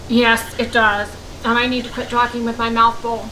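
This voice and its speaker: A woman hosting a casual cooking vlog from her home kitchen, gushing excitedly and calling her viewers "you guys.". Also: fairly high pitch, moderate pace, slight background noise, low-quality recording. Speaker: keto cooking channel host.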